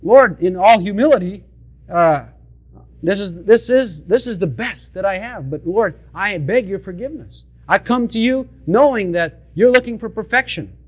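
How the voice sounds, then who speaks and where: A preacher doing humble pleading Abel. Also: male voice, high-pitched, expressive, moderate pace, breathy edge, lo-fi sound.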